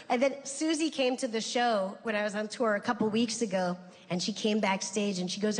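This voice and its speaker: A middle-aged woman performing a stand-up routine, telling stories in a conversational, deadpan way. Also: normal speed. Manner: conversational, deadpan storytelling with sudden high-pitched voices for quoted people. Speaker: stand-up comedian. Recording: live show with long hall reverb and faint ambience.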